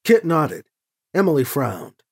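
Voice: medium pitch, huge pitch swings, takes it slowly, a little mellow, husky. An audiobook narrator reading a story expressively and giving each character a voice. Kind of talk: scripted narration.

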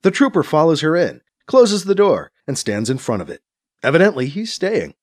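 A man narrating a story aloud in a steady, plain manner. His voice sits fairly high for a man and swings widely in pitch. He reads the prose between characters' lines. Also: normal speed. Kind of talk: scripted audiobook narration.

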